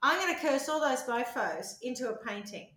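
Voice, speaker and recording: A woman's voice: high voice, lively intonation, moderate pace, a bit bright. A woman chatting casually in an apartment, rambling through her thoughts and swearing freely. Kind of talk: casual chat. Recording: roomy echo.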